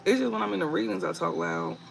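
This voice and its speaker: A young man hosting a live tarot reading stream, talking in a calm, low-key, casual way with slang. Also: quick pace, vocal fry, a little hiss or hum, poor audio.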